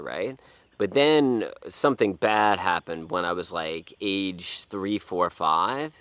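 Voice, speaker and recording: A man with a very low voice and a forceful, tense edge talks in a loose, profane monologue. He rambles and restarts, and now and then drops to a hushed whisper. The sound is dry and close. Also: clean tone, no room sound. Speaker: vlogger. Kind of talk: casual monologue.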